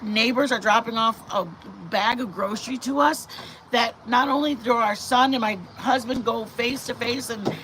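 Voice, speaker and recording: A middle-aged woman vlogger telling a story to her viewers in a chatty, animated way that often turns to her faith. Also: a little high, normal speed, slight background noise. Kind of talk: casual storytelling to camera.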